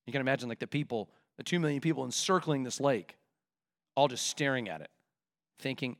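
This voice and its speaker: A male pastor preaching a sermon in an animated, conversational way, with vivid everyday examples. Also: mid-range voice, fairly quick.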